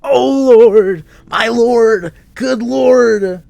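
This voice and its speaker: A man voicing a male stranger who cries out to heaven in slow, drawn-out, pleading lines. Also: very high-pitched, creaky, a little mellow, dry recording, voice pushed up, heavily acted. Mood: anguished.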